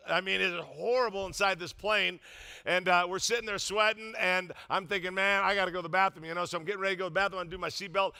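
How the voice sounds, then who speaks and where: An older man preaching a sermon as pastor, telling funny stories with loud, emphatic bursts. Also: high voice, gravelly. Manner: humorous storytelling, animated, loud emphatic bursts.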